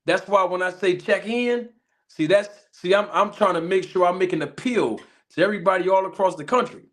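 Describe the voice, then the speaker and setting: A man from Philadelphia with a Philly accent hosting a casual livestream, greeting viewers with drawn-out shout-outs and catchphrases while a little sick. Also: high-pitched. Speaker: livestream host.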